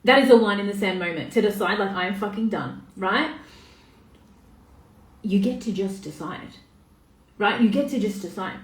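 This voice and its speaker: A woman's voice: medium pitch, normal speed, long pauses. A woman, talking casually on a live stream as a coach, swearing freely and greeting viewers by name. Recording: echoey room, voice a bit far off.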